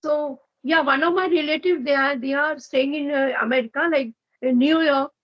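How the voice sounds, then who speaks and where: A woman's voice: sits high, fairly even intonation, moderate pace, lo-fi sound. A woman with an Indian accent hosting a casual conversation over a video call, asking informal, curious questions. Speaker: host.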